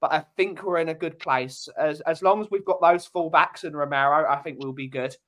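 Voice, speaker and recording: A man's voice: fairly high pitch, fairly quick, fairly bright tone. A man giving his views as a panelist on a fan show, hesitant with many ums and restarts. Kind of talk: casual chat.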